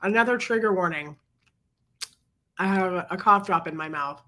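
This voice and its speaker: A sick, congested woman hosts a casual livestream, her voice low and husky from illness yet pushed and bright. She speaks at a moderate pace, chatting and greeting viewers by name between coughs.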